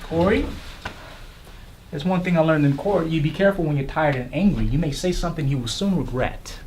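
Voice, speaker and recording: A woman's voice: low-pitched, fairly quick, darkish tone, a little hiss or hum, close to an everyday voice. A young woman acting a proper, dignified young husband who is a lawyer, with dry, sarcastic patience. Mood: weary. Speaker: acting student. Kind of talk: scene study stage acting.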